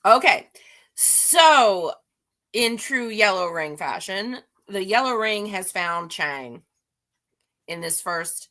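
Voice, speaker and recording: Bright-voiced chatty woman recapping comics. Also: lowish voice. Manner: chatty, rambling, self-deprecating. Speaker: guest reviewer. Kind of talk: casual comic-book recap.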